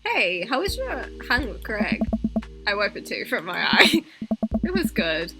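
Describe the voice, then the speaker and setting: A woman streaming a dating game, reading its dialogue aloud with animated reactions and frequent laughter. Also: mid-range voice, measured pace, low-quality recording. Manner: animated, laughs often, gushes emotionally. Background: game music.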